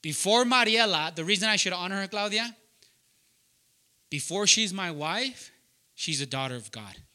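A man preaching loudly and emphatically to young adults, often asking the room to fill in words. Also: high-pitched, lively intonation, normal speed, pauses often. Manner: loud, emphatic, asks the room questions. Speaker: pastor teaching young adults. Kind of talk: sermon.

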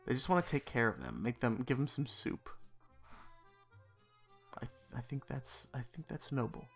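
A man's voice: medium pitch, very animated, moderate pace, fairly bright tone, breathy edge, faint music behind. A man casually recapping a movie on a podcast, rambling with many fillers and dropping wry, sarcastic asides. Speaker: podcast co-host. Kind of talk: casual film recap chat.

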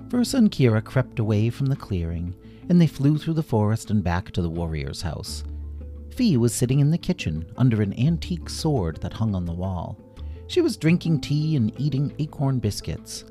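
A man narrating a children's story in an animated way, acting out every character himself. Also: mid-range voice, moderate pace, soft background music.

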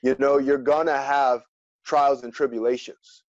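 A man answering as an interview guest, speaking earnestly and in a measured way. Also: mid-range voice, steady tone, no echo. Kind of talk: reflective interview talk. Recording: dry, dull lo-fi sound.

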